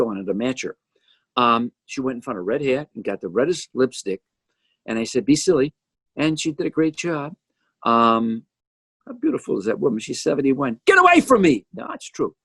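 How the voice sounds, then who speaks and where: At home, an older man provides casual, jokey commentary on his own music video, animated and tossing in teasing asides about each person on screen. His voice is medium-pitched with a breathy edge, and the recording is dry.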